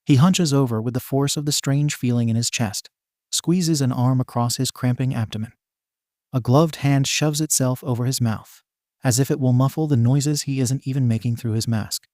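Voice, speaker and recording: A man narrating a fan fiction story in a steady, even reading voice. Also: mid-range voice, moderate pace, dry recording, clean studio sound. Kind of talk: scripted narration.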